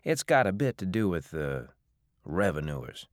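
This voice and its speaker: A man voicing a cagey middle-aged family man who speaks briskly and evasively. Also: sits low, big pitch swings, no room sound, studio quality.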